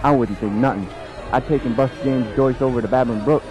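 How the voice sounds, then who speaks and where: A man's voice: mid-range voice, brisk, over music, lightly acted. A man playing a blunt backwoods man. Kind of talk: radio play acting.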